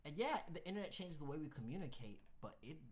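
A young man co-hosting a casual chat, talking loudly and rambling with lots of fillers. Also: on the high side, big pitch swings, quick pace. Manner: loud, rambling, filler-heavy. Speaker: podcast co-host.

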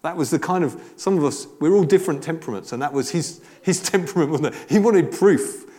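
A man's voice: fairly high pitch, expressive, fairly quick, mellow. Earnest man preaching. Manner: earnest, conversational, many restarts. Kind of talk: sermon.

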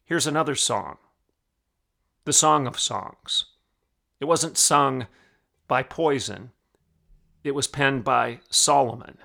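Slow, gravelly, emphatic preaching man. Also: medium pitch, pushed and bright. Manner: emphatic, repetitive declarations. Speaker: podcast host.

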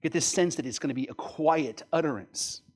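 A man's voice: fairly high pitch, a little fast, darkish tone. A man preaching a sermon in an earnest, explanatory way, often asking "right?" and building to strong emphasis. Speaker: pastor.

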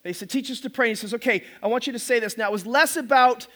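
A middle-aged man preaching a sermon to his congregation as pastor, telling stories in an animated, self-mocking way. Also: very high-pitched, fast talker. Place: church service before a congregation.

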